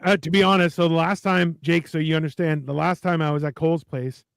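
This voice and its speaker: Man, high gravelly voice, dry close sound, joking podcast co-host. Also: fairly even intonation, quick pace, no room sound. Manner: joking, storytelling. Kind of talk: casual podcast banter.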